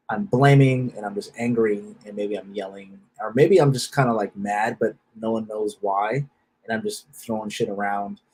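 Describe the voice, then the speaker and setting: Husky man, blunt and profane, repeats himself: self-help speaker. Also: lowish voice, a little mellow, rough recording. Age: adult with a wife and children. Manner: repeats phrases, restarts. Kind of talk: casual motivational talk.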